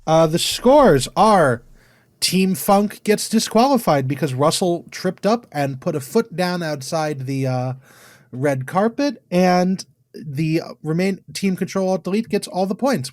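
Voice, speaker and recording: A man's voice: fairly high pitch, animated, unhurried, no room sound. Dry-voiced man keeping the podcast on track. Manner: dry, corrective, keeps things on track. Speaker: podcast co-host. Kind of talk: casual chat.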